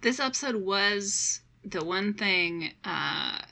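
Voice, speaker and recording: A chatty young woman co-hosting a podcast, with a bright voice at middle pitch. She talks in halting bursts, restarting sentences and laughing as she goes. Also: animated, creaky. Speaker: podcast co-host. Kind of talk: casual chat.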